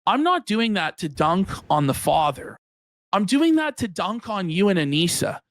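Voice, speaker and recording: A man's voice: high-pitched, big pitch swings, moderate pace, fairly bright tone, no room sound, clean studio sound. A man in a clip, making mocking jabs at someone. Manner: mocking, jabbing.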